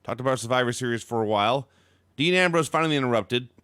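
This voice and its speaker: A man hosting a wrestling podcast, briskly recapping events with dry jokes. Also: mid-range voice, fairly bright tone, clean tone, no room sound. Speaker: podcast host recapping matches. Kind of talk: read-out recap with chat.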